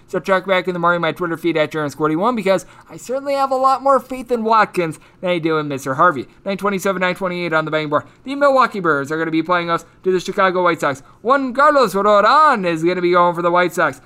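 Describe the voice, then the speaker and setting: A man's voice: high-pitched, pushed and bright, smooth. A man hosting a sports betting podcast, rattling off player numbers and giving blunt opinions on picks. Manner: rapid-fire stat rundown, blunt opinions. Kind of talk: solo betting analysis podcast.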